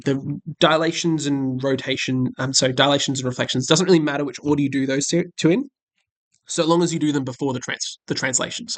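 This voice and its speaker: A man's voice: medium pitch, fairly bright tone. A man walking through a maths exam question step by step, friendly and chatty with frequent ums, recorded at a desk while drawing with a stylus. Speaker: maths teacher. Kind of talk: screen-recorded exam walkthrough. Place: indoors at a desk, webcam and tablet setup.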